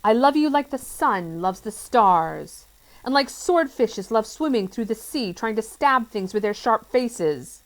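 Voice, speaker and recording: A woman voicing a cheerful, dotty man from a children's storybook who talks in an excitable, flowery, theatrical way. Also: high voice, unhurried, voice pushed up, poor audio. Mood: lovestruck.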